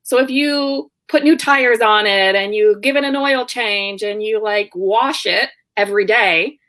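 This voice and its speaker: A woman's voice: medium pitch, unhurried, a bit bright. A young woman, a guest in a casual interview, telling stories and acting out both sides of conversations, often laughing as she talks. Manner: laughs often while talking. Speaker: guest, online business owner.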